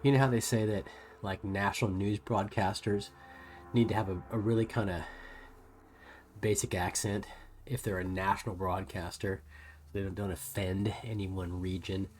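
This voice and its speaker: An easygoing man with a soft US West Coast American accent, casually talking to his livestream viewers as he paints. His voice sits on the low side. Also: fairly even intonation, normal speed. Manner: easygoing, chatting to viewers while working. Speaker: livestream host.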